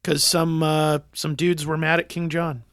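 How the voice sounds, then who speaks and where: A man on a comedy podcast, telling a straight-faced fake history lesson full of ums and uhs. His voice is bright and a little higher than average. He sounds dry and close to the mic. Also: unhurried, smooth, no echo. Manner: deadpan, mock-scholarly, many ums. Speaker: podcast co-host. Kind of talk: casual banter, tall-tale explanation.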